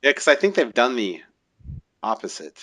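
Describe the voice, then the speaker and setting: A young man co-hosting a gaming podcast, talking in a laid-back, halting way with lots of "uh"s and chuckles. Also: mid-range voice, big pitch swings, fairly bright tone. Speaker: podcast co-host. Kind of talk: casual chat.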